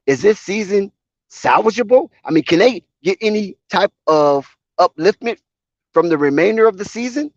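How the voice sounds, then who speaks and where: A man's voice: high voice, lively intonation, normal speed, dry recording. A man giving opinionated, conversational commentary on a live basketball game. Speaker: sports commentator. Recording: dull lo-fi sound.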